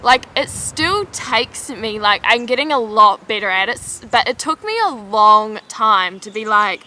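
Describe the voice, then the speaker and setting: A woman's voice: a little high, expressive, measured pace, few pauses, sharp tone. A young woman from New Zealand chatting casually to camera as a vlogger, filling nearly every phrase with "like". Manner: chatty, fills with "like" constantly. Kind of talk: casual vlog chat.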